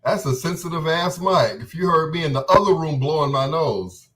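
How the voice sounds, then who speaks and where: A middle-aged man hosting a late-night love-song radio show, smooth and joking as he chats between songs. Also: fairly high pitch, animated, normal speed, a bit bright. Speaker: radio DJ and host.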